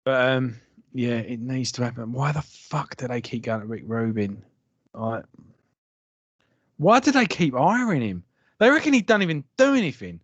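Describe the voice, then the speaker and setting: A man's voice: medium pitch, very animated, normal speed, no echo, highs cut off. A man co-hosting a casual podcast chat, telling stories animatedly and swearing freely. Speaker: podcast co-host.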